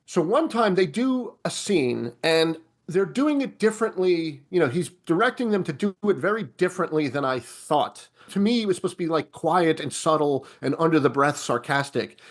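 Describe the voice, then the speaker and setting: A man, a comedy writer and podcast guest, telling anecdotes casually and animatedly, full of "like" and "you know". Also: high-pitched. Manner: animated, acts out other people's lines in jumped-up voices. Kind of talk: anecdotal storytelling in a podcast interview.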